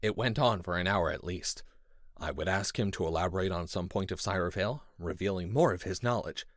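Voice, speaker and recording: A man reading a first-person story in measured, intense scripted narration. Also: dry recording, studio quality. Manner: measured and intense, with lively pitch. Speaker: audiobook narrator.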